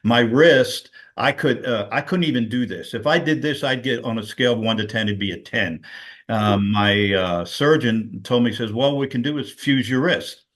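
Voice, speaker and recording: A man's voice: medium pitch, normal speed, a bit bright. A middle-aged man recounting a personal story on a video call, rambling, with many fillers. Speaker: guest sharing a personal story. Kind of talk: casual testimonial on a video call.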